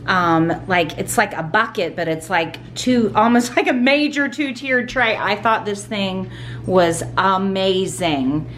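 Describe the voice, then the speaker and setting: A middle-aged woman hosts a casual home decorating haul vlog from indoors at home, gushing and rambling with lots of ums and likes. Her voice is medium-pitched and a bit bright, with a little hiss or hum.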